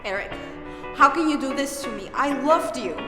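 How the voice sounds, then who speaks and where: High, animated woman, a struggling actress at an audition, roomy echo with a long tail. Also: normal speed, over music.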